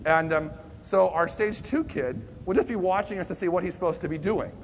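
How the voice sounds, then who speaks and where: A man giving a conversational sermon, a lively storyteller who swings between hushed and loud emphasis and makes self-deprecating asides. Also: high-pitched, a little fast, a little hiss or hum.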